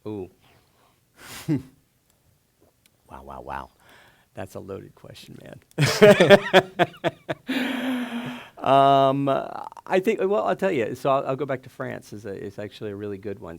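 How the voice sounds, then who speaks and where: A man telling stories onstage as a guest at a live event, animated and laughing often, with lots of fillers and restarts. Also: lowish voice, a little slow, vocal fry. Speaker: startup founder and guest. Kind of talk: casual onstage storytelling. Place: stage before a live audience.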